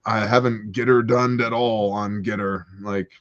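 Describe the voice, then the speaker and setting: A man with a lowish voice talks slowly, and the recording lacks its higher frequencies. Hosting a prepper livestream from a porch, he goes through viewers' questions in a chatty, joking way, spinning animated stories as he goes.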